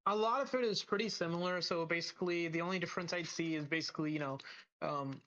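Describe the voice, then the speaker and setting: Rambling, slightly high-voiced man. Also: quick pace, sharp tone, highs cut off. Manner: rambling, full of fillers and restarts. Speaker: podcast co-host. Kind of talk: casual episode recap.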